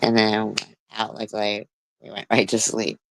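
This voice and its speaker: A woman's voice: very deep voice, level tone, moderate pace, no echo. A woman in her forties telling stories on a casual livestream, blunt and swearing freely. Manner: blunt, heavy swearing, storytelling. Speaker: livestream host.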